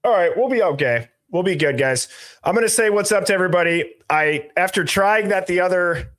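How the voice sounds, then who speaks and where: A man's voice: sits high, a little fast, fairly bright tone. Casual man hosting a live stream. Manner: greets viewers by reading chat usernames aloud; loose, conversational, jokey asides. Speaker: livestream host.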